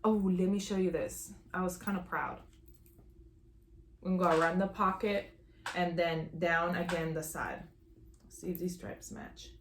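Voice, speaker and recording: A woman's voice: lowish voice, fairly even intonation, a little slow, pauses often. A young woman hosting a sewing tutorial, bubbly and self-teasing, talking as she works at a serger. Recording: roomy echo, faint machine noise.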